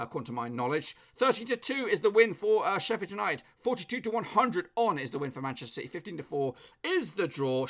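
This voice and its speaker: A man with an English accent and a slightly hoarse voice, casually chatting on a live stream and reading out viewers' football predictions. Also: a little high, fairly bright tone.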